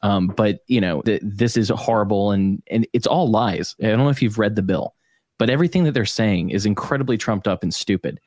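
Low voiced guy hosting a podcast, rambly and jokey, dry close mic. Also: a little fast, darkish tone, no echo. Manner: rambling, jokey, laughs a lot. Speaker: podcast host. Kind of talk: casual podcast chat.

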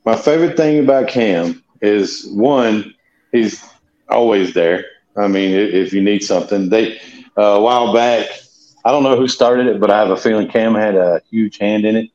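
A man in casual chat, earnest and quick to laugh. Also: on the low side, a little mellow, reverberant, highs cut off.

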